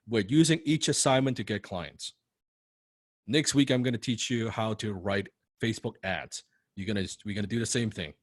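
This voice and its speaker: A man's voice: lowish voice, no room sound, clean studio sound. Blunt accented man coaching copywriters. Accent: non-native English accent. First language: not English. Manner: blunt, forceful, profane and repetitive. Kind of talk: motivational coaching talk.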